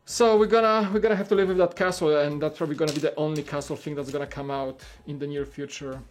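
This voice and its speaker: A man hosts a casual livestream chat, his voice fairly high with a steady tone and a quick pace. He rambles, leaning heavily on "like" and restarting his sentences, while soft music plays in the background.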